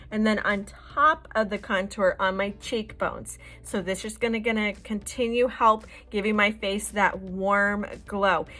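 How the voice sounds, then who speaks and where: A woman's voice: medium pitch, sharp tone. A woman hosting a makeup tutorial, explaining each step in a chatty, reassuring way. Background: faint background music.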